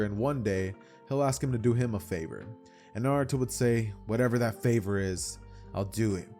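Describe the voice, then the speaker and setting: Young guy rambling through an anime what-if story, slangy, mellow tone, soft music behind. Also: mid-range voice. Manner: rambling, slangy, self-correcting.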